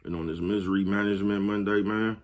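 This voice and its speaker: On his own vlog, a man with a lowish, steady voice speaks at a quick pace. He offers casual motivation peppered with profanity, chuckling frequently and repeatedly asking whether you're with him.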